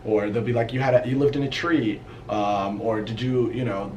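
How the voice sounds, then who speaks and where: A man's voice: mid-range voice, normal speed. Ethiopian man telling stories in a roomy lobby. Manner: animated storyteller, acts out quoted people. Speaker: discussion guest. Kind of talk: casual chat. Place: hotel lobby. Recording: roomy echo, distant mic, faint noise.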